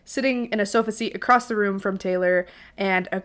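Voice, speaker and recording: Young woman, podcast co-host, casual scene-by-scene narration, filler-heavy, mid-pitched. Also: steady tone, brisk, fairly bright tone. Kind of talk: casual chat describing a music video.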